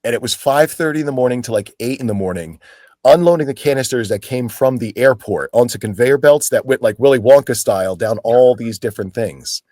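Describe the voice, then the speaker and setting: In a dry, clean studio recording, the forties-aged actor from Pennsylvania speaks briskly in a mid-range voice. He chats animatedly through stories in an interview, leaning on "like" and performing the voices of people he quotes.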